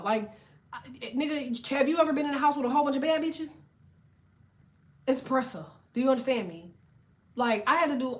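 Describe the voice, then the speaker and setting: A woman tarot reader ranting to camera in a blunt, profane, animated way while telling a story. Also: medium pitch. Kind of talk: casual tarot rant to camera.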